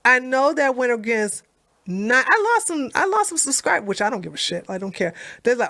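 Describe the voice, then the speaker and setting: A woman's voice: fairly high pitch, very animated, moderate pace, pushed and bright, no room sound. A woman ranting on a casual political live stream, blunt, profane and mocking, who often repeats herself. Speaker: political commentator on a debate stream.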